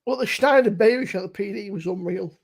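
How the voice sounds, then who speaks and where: A man with a high voice co-hosts a live stream. He banters with a teasing edge and swears constantly as he talks. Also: fairly quick. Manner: teasing, laughing, heavy swearing. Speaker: co-host.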